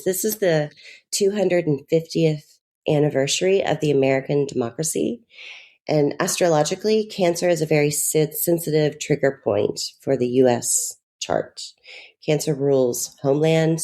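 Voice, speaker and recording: A woman with a scratchy voice giving an astrology forecast in a calm, measured way. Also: low voice. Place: in Europe.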